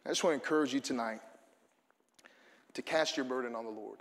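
A man's voice: medium pitch, fairly quick, fairly bright tone, big-room sound. A man preaching a sermon to his congregation, earnest and building to fervent emphasis. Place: church auditorium.

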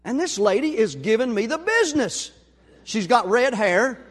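High-voiced preacher in an echoing church. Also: male voice, moderate pace. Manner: animated storyteller, acts out voices. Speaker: pastor. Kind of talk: sermon with a personal story. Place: church sanctuary. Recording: long hall reverb.

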